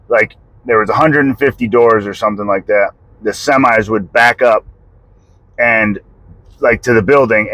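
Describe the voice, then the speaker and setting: A man's voice: fairly low pitch, fairly bright tone, no echo, poor audio. A man from the United States telling a personal story in a casual, rambling way, full of "like", swearing and short laughs. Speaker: vlogger telling a family story.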